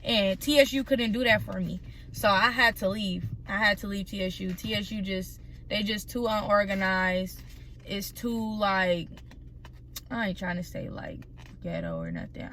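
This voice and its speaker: A young woman telling a story in a casual, animated way while eating on camera, with plenty of indignation. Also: medium pitch, slight background noise. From Tennessee. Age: young adult. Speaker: vlogger. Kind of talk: mukbang storytime rant.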